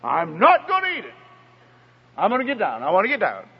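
A man's voice: high voice, wildly swooping pitch, brisk, slightly rough, full character voice. A man voicing a stubborn little girl who whines and defies her mother, heard as a dull recording in an echoey hall. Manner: whiny, defiant.

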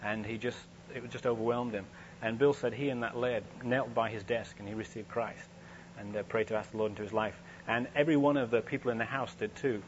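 A man's voice: mid-range voice, steady tone, brisk. A man preaching a sermon in a conversational, storytelling way, with frequent restarts. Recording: dull, slightly noisy lo-fi recording with hum.

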